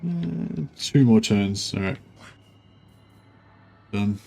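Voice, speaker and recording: A man's voice: on the low side, expressive, extremely slow, creaky, mellow, soft background music. A man casually commentating a livestream of a strategy game, rambling with many fillers and restarts. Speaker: streamer.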